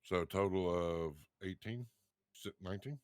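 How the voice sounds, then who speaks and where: A man runs a tabletop session over a call, his voice sitting on the low side and heard close and dry. He jokes around and hands out easygoing rulings. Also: moderate pace, dry recording. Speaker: game master. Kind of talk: running a tabletop game online.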